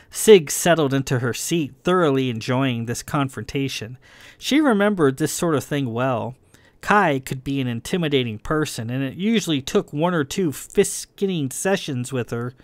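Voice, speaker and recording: A man reading a science fiction novel aloud in a measured narrating voice. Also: mid-range voice, no echo. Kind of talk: audiobook reading.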